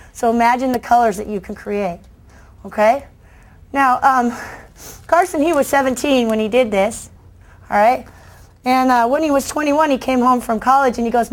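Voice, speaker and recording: Animated middle-aged woman lecturing playfully. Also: on the high side. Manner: animated, playful, quizzes the audience. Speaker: children's book author and guest speaker. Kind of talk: lecture to education students.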